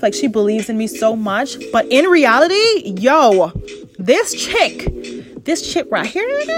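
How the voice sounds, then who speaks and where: Effusive chatty woman podcaster over music. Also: a little high. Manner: effusive, chatty, lots of "like" fillers. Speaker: podcast host. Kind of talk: casual solo podcast monologue.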